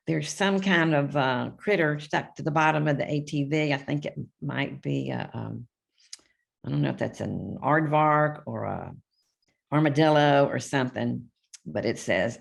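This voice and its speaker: An older woman reads her own children's picture book aloud to young listeners, stopping to chat and point things out on each page. Her voice sits very low and carries a strong gravelly fry. She slips into small voices for the characters while keeping the easy tone of a live reading. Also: moderate pace. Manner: chatty, reads character lines with small voice shifts and asides.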